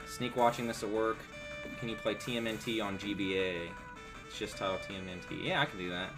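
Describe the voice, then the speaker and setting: A man's voice: lowish voice, fairly even intonation, brisk. A man chatting casually while streaming games, rambling and swearing in a laid-back way. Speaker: game streamer. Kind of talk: casual live-stream chat. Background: game music.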